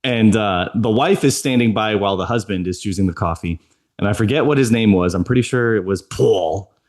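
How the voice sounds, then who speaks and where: A man's voice: fairly low pitch, a little fast, darkish tone. A man co-hosting a podcast, telling a chatty story and laughing often. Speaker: podcast co-host. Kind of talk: casual chat.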